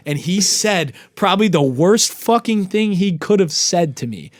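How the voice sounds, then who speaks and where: A young adult man, a podcast guest, telling a long story in casual, profane and animated fashion. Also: high voice, moderate pace, few pauses.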